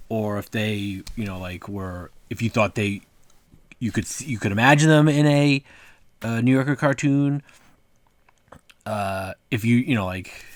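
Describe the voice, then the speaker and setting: A man's voice: medium pitch, dry recording. Rambling man with a dry close sound. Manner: rambling, full of "like" and "uh" fillers. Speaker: cartoonist presenting his own work. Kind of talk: casual vlog commentary.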